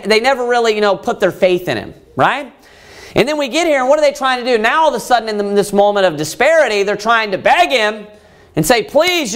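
A man delivers a sermon in a high, lively voice that swings widely in pitch. He reads scripture aloud and keeps pressing his listeners with rhetorical questions. When he quotes the brothers pleading, he raises his voice. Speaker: preacher.

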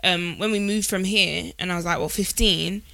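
Bright-voiced woman telling easygoing stories. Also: on the low side, normal speed, creaky, dry recording. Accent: London English. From Nigeria and England. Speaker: podcast co-host. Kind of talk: casual chat.

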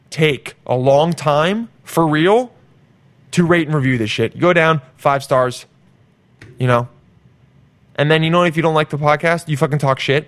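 A man's voice: medium pitch, no echo. A young man hosting a podcast, giving a profane, swaggering, pumped-up solo rant to his listeners. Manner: profane, swaggering, pumped-up preaching with sudden loud jumps. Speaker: podcast host.

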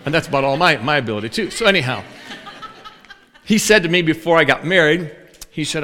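Guy preaching, kinda high bright voice, cracks jokes, big echoey hall. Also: very animated, brisk, pauses often. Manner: folksy, joking storyteller. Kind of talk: sermon. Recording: long hall reverb.

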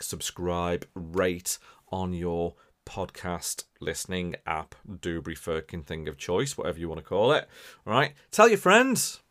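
An English man hosting a podcast, signing off in a chatty, animated way with lots of fillers. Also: deep voice. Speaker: podcast host. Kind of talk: casual podcast sign-off chat.

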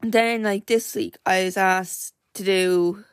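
A woman's voice: mid-range voice, fairly even intonation, slow, smooth, dry recording. A young woman with an Irish accent chats through a story on her podcast, circling back and correcting herself as she goes. Her mid-range voice sits close and dry, with no room sound at all. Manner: rambling, full of "like" and self-corrections. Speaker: podcast host. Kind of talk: casual chatty storytelling.

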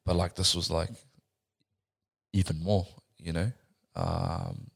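A man's voice: low voice, steady tone, slow pace, gravelly, slightly rough. A man in casual podcast chat, laid-back, saying "like" and "bro" a lot.

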